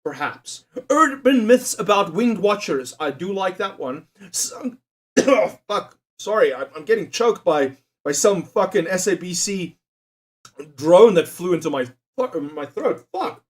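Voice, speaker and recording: A young man streaming live, with a voice sitting a bit higher than most men's. He reads out quiz questions and reacts loosely to his chat, cursing freely and laughing along as he goes. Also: big pitch swings, unhurried. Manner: profane, joking, laughs often, talks to chat.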